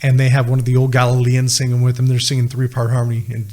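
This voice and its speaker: A man's voice: mid-range voice, monotone, fast, dark tone. A middle-aged man telling a personal story as a podcast guest, acting out the voices of the people he quotes.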